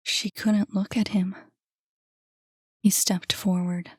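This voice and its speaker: Slow soft woman reading a novel, hushed, dry close mic. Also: mid-range voice, little pitch movement, breathy edge, no echo. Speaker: audiobook narrator. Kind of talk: scripted narration.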